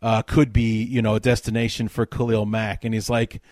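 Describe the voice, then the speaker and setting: A man hosting a sports podcast, telling stories in an animated, casual way with many fillers. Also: on the low side, moderate pace, no echo. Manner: animated storyteller, lots of fillers. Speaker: podcast host.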